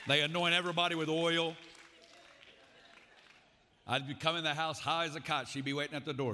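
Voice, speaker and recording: A man's voice: on the high side, steady tone, a little fast, long pauses, sharp tone, slight background noise. A man in his forties with an Arkansas accent, telling his testimony as a guest preacher in folksy storytelling style with frequent asides. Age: 40s. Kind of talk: sermon testimony. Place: large conference hall. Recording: reverberant hall.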